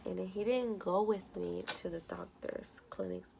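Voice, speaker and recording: A young woman, a beauty vlogger, tells a story casually from home, sprinkling in lots of "like" and quoted dialogue. Her medium-pitched voice swoops wildly in pitch at a normal speed, a little mellow with gravelly vocal fry. The recording has a little hiss or hum.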